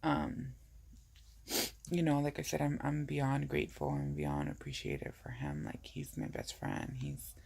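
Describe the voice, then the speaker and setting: A woman's voice: rumbling low, expressive, a little slow, creaky, a little mellow, slightly rough. A woman talking in a casual personal vlog, rambling and full of "I was like" and "you know". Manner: emotional, tearful at times. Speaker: vlogger.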